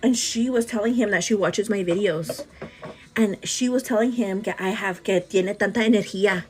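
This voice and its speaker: A woman's voice: medium pitch, normal speed. A woman in her thirties hosting a beauty livestream, talking non-stop and a bit out of breath, calling her viewers "girl" as she answers their comments. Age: 30s. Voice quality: energetic, hyperactive delivery. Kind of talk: casual livestream chat.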